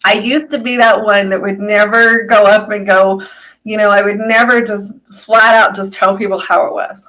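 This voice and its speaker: A woman speaks in a casual, chatty way as a healer on a live stream. She tells stories, laughs often and acts out the people in them with quick quoted lines. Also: mid-range voice, level tone, sharp tone, low-quality recording. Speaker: healer, co-host.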